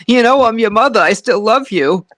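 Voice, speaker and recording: A man's voice: high-pitched, lively intonation, normal speed, a bit bright, dry recording, clean studio sound, pitched above the performer's own voice. A man voicing an older mother who guilt-trips her grown son about not calling. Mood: reproachful. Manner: whiny, reproachful.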